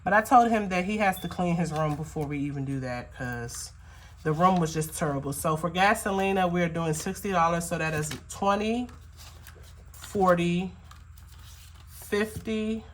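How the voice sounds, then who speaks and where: Slow-counting woman with a lowish voice. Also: slight background noise. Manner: slow, rambling, counts bills aloud with frequent fillers. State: emotional, choked up. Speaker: budgeting vlogger. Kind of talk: casual talk while counting cash.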